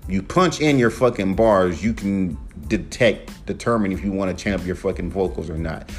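Deep-voiced man ranting profanely. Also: normal speed, faint music behind. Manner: profane, emphatic, animated rant. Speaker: podcast host and rapper. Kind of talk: casual solo podcast rant.

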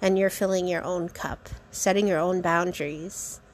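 A woman's voice: lowish voice, fairly even intonation, normal speed, slight background noise. A woman hosting a solo podcast, talking casually and hesitantly with many fillers. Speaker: podcast host.

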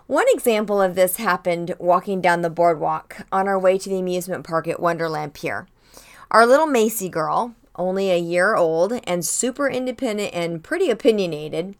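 An older woman hosting a weekly devotional, telling a family story in a gentle, reflective way. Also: on the low side. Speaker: devotional host. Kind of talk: personal devotional talk.

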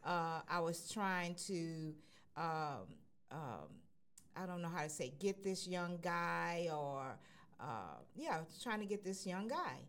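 Woman, lower-pitched voice, earnest, halting, casual radio talk. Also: animated. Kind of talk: casual personal testimony.

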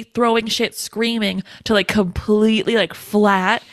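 Expressive young woman, dry close sound. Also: on the high side, moderate pace, few pauses, dry recording. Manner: expressive, laughs and swears freely while retelling scenes. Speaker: podcast co-host. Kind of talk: casual movie recap chat.

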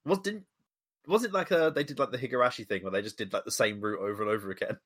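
A man chatting on a podcast, animated, teasing and swearing freely. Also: mid-range voice, quick pace, breathy edge. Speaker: podcast regular. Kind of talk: casual chat.

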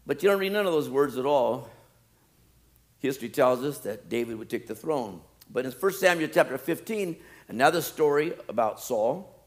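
A male pastor preaching a sermon, animated, swinging from loud pleading to quiet, low asides.

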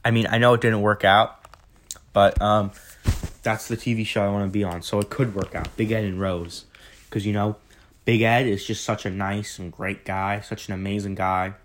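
A man's voice: on the low side, flat delivery, normal speed. Rambling young man on a phone mic. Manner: rambling, self-correcting, chatty. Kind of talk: casual vlog Q&A.

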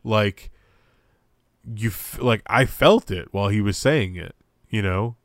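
Low-voiced young man rambling casually. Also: a little slow, no room sound, clean studio sound. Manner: rambling, lots of fillers and restarts. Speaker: podcast co-host. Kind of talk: casual wrestling review chat.

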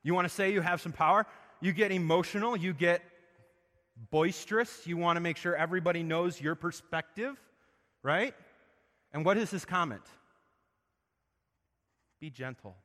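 Preaching man in a reverberant hall. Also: moderate pace. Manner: asks the congregation questions, swings from loud emphasis to soft and low. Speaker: pastor. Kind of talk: sermon.

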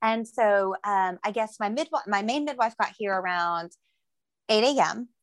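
A young woman telling a story in a casual chat, lively and jokey, acting out the voices she quotes. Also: mid-range voice, moderate pace, no room sound. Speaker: guest telling her birth story.

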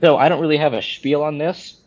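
A man's voice: fairly high pitch, brisk, lo-fi sound. A man co-hosting a casual podcast, talking in a rambling way with many restarts. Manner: rambling, many restarts, animated when quoting. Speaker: podcast co-host.

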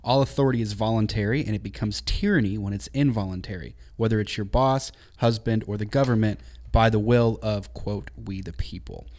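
Low-voiced man reading viewer messages. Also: a little fast, hardly any pauses, a little mellow. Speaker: show co-host reading viewer comments.

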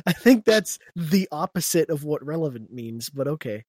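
A man's voice: on the high side, sing-song, unhurried, a little mellow, no room sound. A man co-hosting a podcast in casual banter, sarcastic and joking, swearing and laughing often. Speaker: podcast co-host.

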